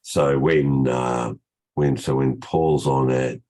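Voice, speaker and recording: An older man with a croaky voice from a cold, hosting a casual trading session over a video call, chatty and rambling with frequent restarts. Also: very deep voice, steady tone, slow pace, darkish tone.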